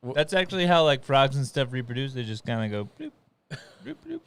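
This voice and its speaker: A man with a smooth, clear voice chats on a casual talk show. He tells stories in an animated way and tosses in quick asides. His pitch stays middle of the road. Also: no echo. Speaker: podcast co-host. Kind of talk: casual chat.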